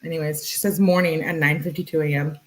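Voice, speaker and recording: A woman's voice: deep voice, fairly even intonation, quick pace, rough recording. A woman reading a couple's text messages aloud, acting them out and adding sarcastic commentary. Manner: sarcastic asides between dramatic readings. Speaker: true crime commentator.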